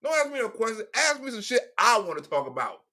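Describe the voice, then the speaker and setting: A man's voice: sits high, sing-song, fast, pushed and bright, full character voice. A man putting on a cranky old male president who rambles, curses and stammers through restarts. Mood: irritable.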